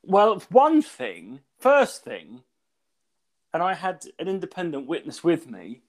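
A man with a fairly high voice spins a rambling story in casual podcast chat. His pitch swoops up and down as he gets worked up, and he swears freely along the way. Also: slow. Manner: animated, swearing anecdote-teller. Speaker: podcast co-host.

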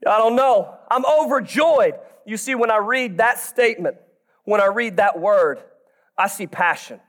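A man in his thirties preaching a sermon with energy, breaking into shouts and joking asides to the congregation. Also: high voice, unhurried.

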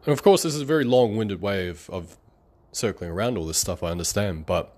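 Rambling low-voiced man. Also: a little mellow. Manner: rambling, conversational, sarcastic, quick to laugh. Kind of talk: motivational monologue.

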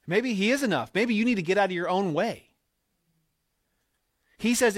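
Talking a little quickly, a male pastor delivers his sermon with emphatic, conversational energy and a fairly high voice, dropping quoted asides to the congregation. There's hardly any room echo; the sound is dry.

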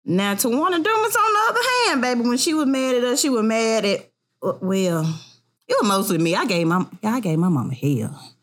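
A woman in casual chat as a podcast co-host, telling animated family stories. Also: fairly high pitch, brisk. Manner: animated storyteller, acts out family voices.

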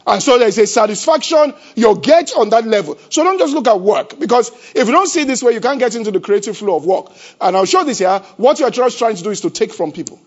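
A man preaching a sermon as pastor. He keeps asking the congregation rhetorical questions and swings between loud emphasis and a low, conversational tone. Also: lively intonation, quick pace, hardly any pauses. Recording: dull lo-fi church recording.

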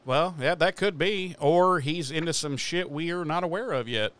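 A man co-hosting a casual podcast, recapping a show with profane jokes and quick put-on voices for the characters. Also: on the high side, fairly bright tone, clear, resonant tone, dry recording. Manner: profane, joking storyteller. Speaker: podcast co-host recapping an episode. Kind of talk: casual chat.

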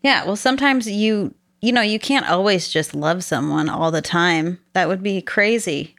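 A young woman co-hosting a podcast in casual chat, blunt and laughing often, animated when retelling stories. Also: medium pitch, moderate pace, no room sound, clean studio sound. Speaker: podcast co-host.

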